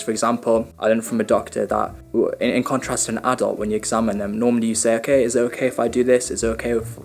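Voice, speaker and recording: A man's voice: fairly low pitch, gravelly. A young man, a medical student, casually vlogging to camera and explaining his day with easy restarts. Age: young adult.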